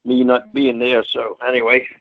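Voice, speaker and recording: A man's voice: mid-range voice, monotone, normal speed, no room sound. Older Scottish-born man telling stories, muffled line. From Scotland. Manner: colloquial, anecdotal, acts out quotes. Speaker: guest, retired wrestler. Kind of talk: storytelling interview.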